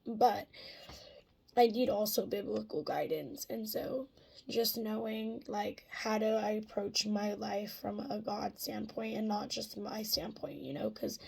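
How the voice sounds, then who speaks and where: Woman vlogger, thirties, gravelly husky voice, emotional rambling chat. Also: medium pitch. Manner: emotional, rambling, frequent fillers. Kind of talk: casual catch-up vlog.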